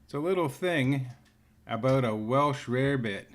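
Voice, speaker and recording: A man hosting a live stream in relaxed, chuckling casual chat. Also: medium pitch, normal speed, slight background noise. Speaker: host.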